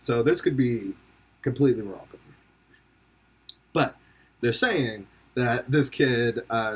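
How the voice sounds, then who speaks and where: A young man hosting a podcast, rambling and joking in casual commentary, laughing often and swearing freely. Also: medium pitch. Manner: slips into silly put-on voices for quotes. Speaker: podcast host.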